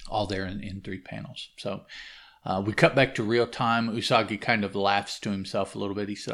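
A man's voice: fairly low pitch, fairly even intonation, a little fast, fairly bright tone. A man reading a comic book aloud and commenting on it casually, hesitant, with frequent fillers and self-corrections.

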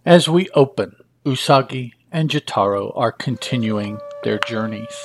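A man's voice: mid-range voice, lively intonation, measured pace. A man casually narrating a comic book page by page, chatty and full of asides. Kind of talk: casual comic read-through.

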